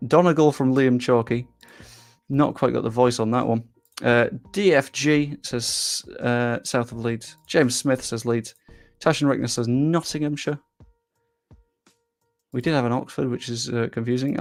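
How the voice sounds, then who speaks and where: Young man, faint Yorkshire accent, gravelly edge, casual live-stream chatter, faint music underneath. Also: medium pitch, fairly even intonation, measured pace. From England. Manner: chatty, self-deprecating, reads comments aloud. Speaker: streamer reading chat.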